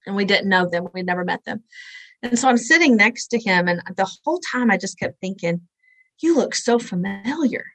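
A woman's voice: mid-range voice, animated, a little fast, fairly bright tone, dry recording, rough recording. A woman in her forties, a guest in an interview, tells a personal story in an earnest, conversational way and acts out the voices she quotes. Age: 40s.

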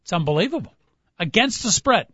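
Male sports radio host, high voice, folksy and musing, dull dry studio sound. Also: sing-song, a bit bright, breathy edge, dry recording. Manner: folksy, drawn-out musing, plugs the call-in line. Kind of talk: casual sports radio banter.

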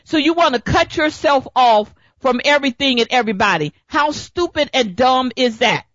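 A woman's voice: high voice, expressive, normal speed, fairly bright tone, no room sound. A woman hosting a political talk radio show, speaking emphatically, repeating her points and firing off rhetorical questions. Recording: dull lo-fi dry recording.

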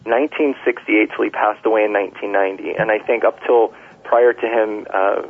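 A middle-aged man talks in a relaxed, storytelling way, full of fillers and restarts. His voice is husky and sits a little low. The sound comes through a thin, tinny phone line. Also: brisk. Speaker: nurse, author. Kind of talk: casual interview talk.

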